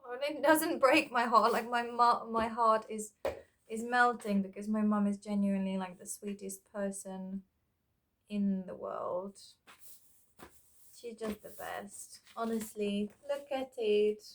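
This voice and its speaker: A woman's voice: mid-range voice, slow pace, a bit bright, slight background noise. A woman chatting casually as she sorts through old keepsakes, rambling and thinking aloud with many fillers. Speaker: vlogger. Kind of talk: casual reminiscing while sorting keepsakes.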